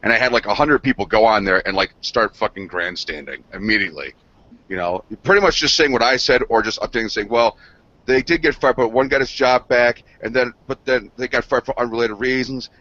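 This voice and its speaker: A podcast co-host on a gaming news show tells a rambling, profane story between laughs in casual chat. His medium-pitched voice is pushed and bright and a little fast, and the lo-fi recording sounds dull.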